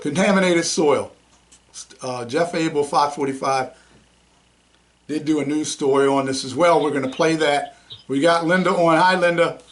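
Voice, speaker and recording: Brief: male radio host with a high-pitched voice, casual and excitable. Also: moderate pace, pauses often, a little hiss or hum. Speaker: talk show host.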